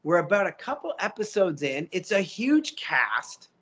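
Animated man telling voice-acting stories. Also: high voice, unhurried, breathy edge. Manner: animated, acts out quotes, coaching. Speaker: voice actor guest. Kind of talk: casual interview storytelling.

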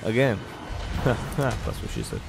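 A man commentating as he plays a game, excitable, exclaiming often and laughing a lot. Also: mid-range voice, slow pace, gravelly, music in the background. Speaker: gaming channel host. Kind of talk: live gameplay commentary.

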